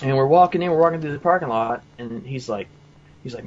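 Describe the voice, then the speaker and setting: A man's voice: medium pitch, fast talker, a little mellow, dull audio. A man telling a personal testimony in a casual, rambling way, full of asides and fillers. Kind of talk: casual storytelling.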